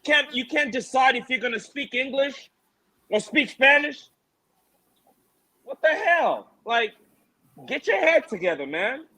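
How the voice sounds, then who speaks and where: Man, very high voice, bright, animated mocking rant, casual podcast chat. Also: unhurried, long pauses, poor audio. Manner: animated ranting, mocking, laughing.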